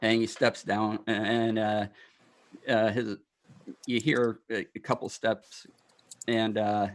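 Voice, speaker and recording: A man narrating as dungeon master of a tabletop game, in a loose, halting way with many fillers. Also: fairly low pitch, little pitch movement.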